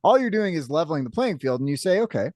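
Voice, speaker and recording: Guy explaining stuff, pitch jumps around a lot, dry sound. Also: sing-song, fast talker, darkish tone, no echo. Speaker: cybersecurity guest. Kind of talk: casual interview chat.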